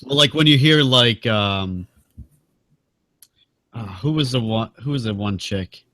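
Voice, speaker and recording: A man's voice: mid-range voice, a little slow, pushed and bright, no echo. A man co-hosting a casual talk show, blunt and argumentative. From United States. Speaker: podcast co-host. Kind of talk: casual chat.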